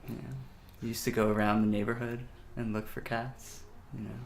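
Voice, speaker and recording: A man's voice: fairly low pitch, little pitch movement, a little fast, vocal fry, a little hiss or hum. A man rambling in a mockumentary interview, filling his talk with "you know".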